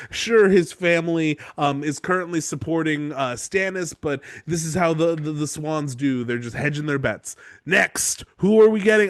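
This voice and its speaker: A man's voice: fairly high pitch, fairly bright tone, no echo. A young man hosting a podcast, recapping a book chapter in a profane, rambling, playful way. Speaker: podcast host.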